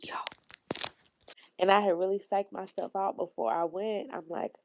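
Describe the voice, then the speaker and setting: A young woman vlogger casually telling a dramatic storytime, full of slang, sudden squeals and loud outbursts. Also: medium pitch, steady tone, moderate pace, a little hiss or hum.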